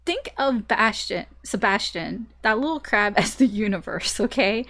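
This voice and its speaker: A woman doing a casual tarot reading, chatty and animated, who laughs often and swears casually. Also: mid-range voice, normal speed, few pauses. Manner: animated storytelling. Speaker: tarot reader.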